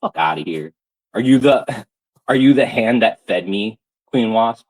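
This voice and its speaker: A man's voice: on the low side, expressive, unhurried, rough recording. A man streamer on a live-stream rant, angry, profane and taunting.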